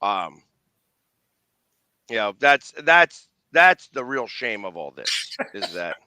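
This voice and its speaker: A Philadelphia-accented man holds forth in casual chat, blunt and opinionated, tripping over restarts. His voice is bright and forward, and the recording is dry with no room sound. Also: fairly low pitch, very animated, slow pace, clear, resonant tone, dry recording, low-quality recording. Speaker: sports show host.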